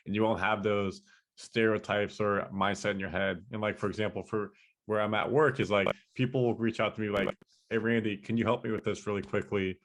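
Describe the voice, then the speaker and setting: A man's voice: lowish voice, fairly even intonation, fairly quick. A man hosting a podcast interview, casual and enthusiastic, telling anecdotes. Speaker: podcast host.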